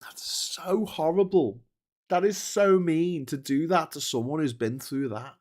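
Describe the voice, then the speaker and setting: A man's voice: a little high, animated, normal speed. A man hosts a casual commentary stream, reacting to viewer comments. He talks in an indignant, rambling rant, peppered with swearing. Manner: indignant ranting with constant swearing. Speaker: host.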